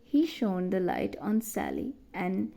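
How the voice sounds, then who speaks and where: A young woman from Sri Lanka with a Sri Lankan English accent, gently narrating a children's audiobook. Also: mid-range voice, huge pitch swings, takes it slowly, creaky. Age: young adult.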